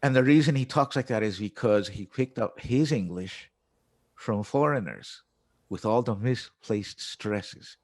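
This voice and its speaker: A man with a lowish, slightly mellow voice speaks at a measured pace. As an English teacher and musician, he describes his teaching method in an interview, performing classroom expressions as he goes.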